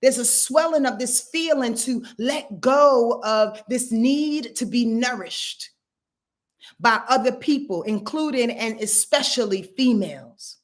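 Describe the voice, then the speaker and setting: A woman's voice: on the high side, takes it slowly. A woman giving a casual astrology forecast, talking in an earthy, emphatic way and swearing freely.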